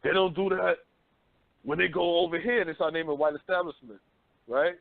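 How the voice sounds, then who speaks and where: Brief: thirties male radio host, high-pitched, loose and profane, tinny phone-line sound. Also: fairly quick, vocal fry, dry recording. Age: 30s. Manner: loose, profane, animated storytelling. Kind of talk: casual talk radio chat.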